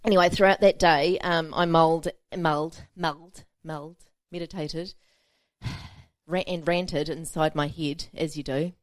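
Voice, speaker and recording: A woman's voice: sits low, fairly even intonation, unhurried, no room sound. Woman preacher telling a funny story. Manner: storytelling, self-mocking, laughing often. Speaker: pastor. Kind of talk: sermon.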